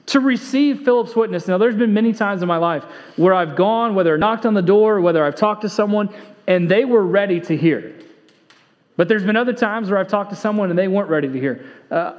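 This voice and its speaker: High-voiced man preaching in echoing hall. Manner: earnest, repeats key phrases for emphasis; conversational storytelling with fillers. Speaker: pastor. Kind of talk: sermon. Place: church sanctuary. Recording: long hall reverb, dull lo-fi sound.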